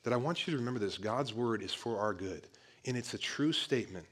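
A man's voice: mid-range voice, expressive, brisk. Casual man preaching a sermon. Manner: conversational, repeatedly addresses listeners as "guys" with frequent restarts.

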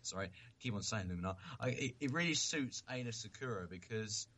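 A man's voice: on the low side, expressive, brisk, fairly bright tone, breathy edge. A man co-hosting a podcast in casual chat, earnest and thinking aloud as he talks. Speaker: podcast co-host.

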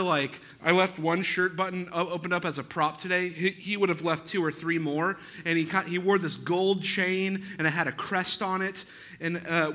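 High, bright-voiced chatty pastor. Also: male voice. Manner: chatty, self-deprecating, frequent "right?" asides. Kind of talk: sermon storytelling.

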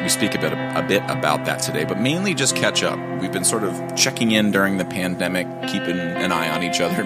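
Man hosting a podcast, very low voice, relaxed and chatty, with music playing underneath. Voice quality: relaxed, chatty, swears casually. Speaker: podcast host. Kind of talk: casual conversation.

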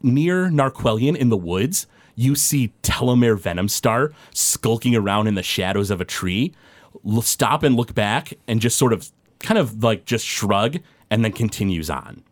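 A man's voice: on the low side, expressive, a little slow, dry recording. A man narrating a tabletop game as game master, describing scenes loosely with many fillers.

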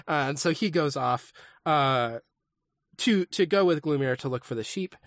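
A man's voice: fairly high pitch, lively intonation, normal speed, a bit bright, dry recording, clean studio sound. Chatty man rambling with lots of ums. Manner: rambling, hesitant, full of ums. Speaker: podcast co-host. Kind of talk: casual chat retelling a saga.

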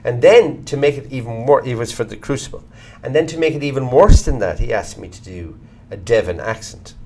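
Blunt Irish man, lively swings in pitch. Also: a little fast, slight background noise. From Ireland. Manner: blunt, swears casually, animated storyteller. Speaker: actor, guest. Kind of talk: candid conversational interview.

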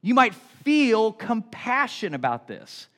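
A man's voice: sits high, slow pace. A middle-aged male pastor preaching a sermon in a conversational style, acting out little everyday scenes as he goes. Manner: animated, conversational preaching with acted-out asides.

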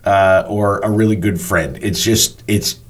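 Man telling a lively story. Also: fairly low pitch, a little slow. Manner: animated, casual, swears freely. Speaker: front of house manager. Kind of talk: personal storytelling.

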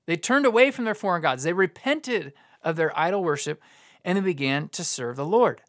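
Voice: mid-range voice, lively intonation, normal speed, dry recording, studio quality. A pastor preaching a conversational sermon in an informal way, often repeating and restarting words.

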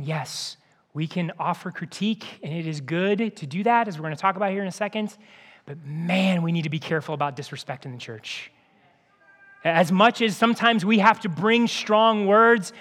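A middle-aged man with a high-pitched voice preaches to his congregation in a relaxed, conversational way that builds to earnest peaks. His voice rings out with a long hall reverb from the church auditorium. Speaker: pastor. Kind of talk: sermon.

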